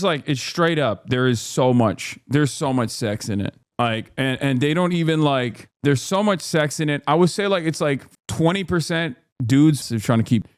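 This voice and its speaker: A man hosting a casual stream, rambling and animated, swinging from low mumbles to loud exasperated rants. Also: no room sound, clean studio sound. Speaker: streamer host.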